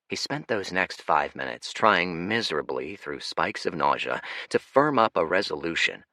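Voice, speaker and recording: A man narrating an audiobook in a dramatic, expressive storytelling manner. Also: low voice, normal speed, vocal fry, hardly any pauses, no echo, clean studio sound. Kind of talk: scripted narration.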